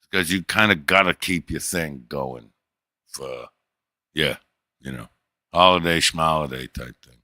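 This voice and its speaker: A middle-aged man with a very low voice that still has a bright, forceful edge, hosting a livestream in casual chat. He talks in a crude, boastful way and teases his listeners. The sound is dry and close to the mic. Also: unhurried, long pauses, no room sound. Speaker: livestream host.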